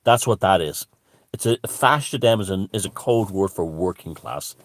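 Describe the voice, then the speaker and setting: A man's voice: deep voice, lively intonation, normal speed. A middle-aged Irish man giving a profane, sarcastic ranting monologue, full of "you know". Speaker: satirist.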